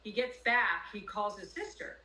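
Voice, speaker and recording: An older woman, a former pro wrestler and podcast guest, telling stories in animated casual chat. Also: mid-range voice, normal speed. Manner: animated storyteller. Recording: echoey room, distant mic, faint noise.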